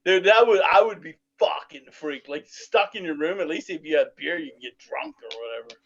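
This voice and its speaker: A man's voice: on the high side, animated, normal speed, a bit bright. A drunk man chatting casually and profanely on a podcast, rambling and restarting. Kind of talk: casual chat. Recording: lo-fi audio.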